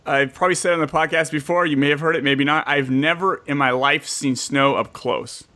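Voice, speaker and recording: A fairly high-voiced man from California, co-hosting a relaxed podcast. He laughs often and slips into impressions while telling stories. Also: a little fast. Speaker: podcast co-host. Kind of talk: casual banter.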